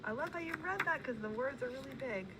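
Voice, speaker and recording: A woman's voice: high voice, lively intonation, quick pace, noisy background. A woman teacher in a one-on-one reading conference with a child, patient and encouraging, prompting with questions.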